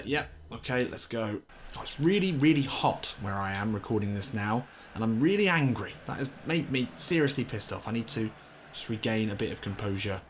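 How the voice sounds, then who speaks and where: A man commentating on his own football video game session, excitable and swearing, shouting when things go wrong. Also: on the low side. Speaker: gaming commentator.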